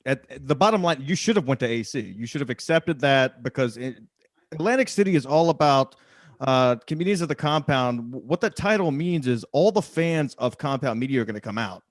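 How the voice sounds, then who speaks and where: A man's voice: medium pitch, lively intonation, a little fast, dry recording. Podcast host man, dry close sound. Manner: steering the talk, reading the chat. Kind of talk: casual podcast chat.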